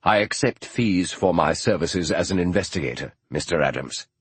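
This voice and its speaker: A man narrating an audiobook, voicing a reserved male detective who speaks coolly and in a measured way. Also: deep voice, animated, husky, no room sound. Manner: cool and measured.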